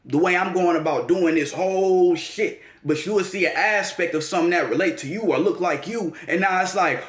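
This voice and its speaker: A man's voice: fairly high pitch, animated, fairly quick, few pauses. Profane rambling man in an echoey room. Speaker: astrology vlogger. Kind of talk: casual monologue.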